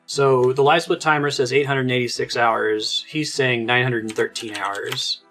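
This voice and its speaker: An enthusiastic man gives casual gameplay commentary at a mid-range pitch. He rambles happily with plenty of fillers and restarts. Soft game music plays faintly behind him. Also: steady tone, moderate pace. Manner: chatty and enthusiastic, many fillers like "like". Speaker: let's play host.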